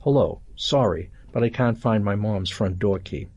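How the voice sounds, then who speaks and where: An older man reading the lines of an exhausted young man, a neighbor's son, in a weary, flat way. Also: fairly low pitch, normal speed, husky, no echo.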